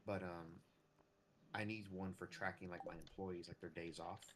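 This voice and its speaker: Deep-voiced American man, rambling chat. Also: steady tone, normal speed, background noise. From United States. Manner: rambling, full of fillers and restarts. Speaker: streamer. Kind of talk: casual chat while streaming a farming game.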